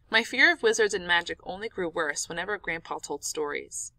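A woman narrating an audiobook in an expressive, dramatic storytelling manner. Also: lowish voice, a little fast, few pauses, no room sound.

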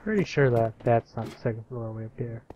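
A man's voice: mid-range voice, expressive, fairly quick, dark tone, dull audio. A young man playing along in a casual game session, laid-back and teasing. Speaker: co-player. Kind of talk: casual gameplay chat.

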